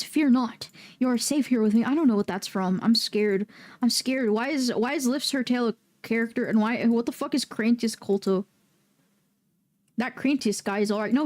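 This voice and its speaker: A woman's voice: on the high side, moderate pace, a little mellow. A young woman streaming a game, chatting casually in a rambling, jokey, profane way. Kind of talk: casual livestream chat.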